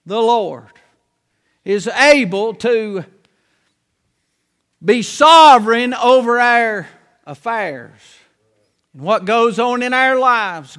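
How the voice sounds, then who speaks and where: High, bright-voiced preacher. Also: male voice. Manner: preaching with emphatic, drawn-out phrases and folksy asides. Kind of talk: sermon. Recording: long hall reverb.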